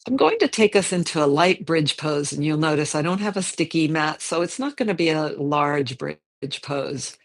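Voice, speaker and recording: A yoga teacher guiding a slow movement and meditation class, in a gentle, unhurried way, thinking aloud and correcting themself as they go. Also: mid-range voice, animated.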